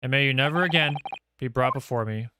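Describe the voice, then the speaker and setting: A man voicing a stern elderly judge who speaks in formal, measured pronouncements. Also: medium pitch, very noisy, voice pushed down, lightly acted. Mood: solemn.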